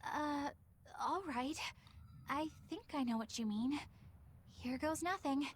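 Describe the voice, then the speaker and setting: A woman's voice: high-pitched, takes it slowly, slight background noise. An actress playing an earnest, polite young woman exorcist in a video game.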